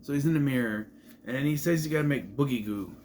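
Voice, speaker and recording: A man's voice: mid-range voice, quick pace, a little mellow, a little hiss or hum. A man casually recapping a movie, rambling and trailing off into asides. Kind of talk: casual film recap commentary.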